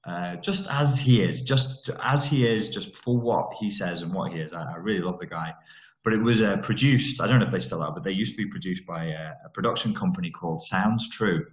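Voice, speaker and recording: In a low, brisk voice, a Merseyside vlogger launches into a ranting monologue. Expect blunt swearing, sarcasm, and mocking impressions, all captured with a roomy echo.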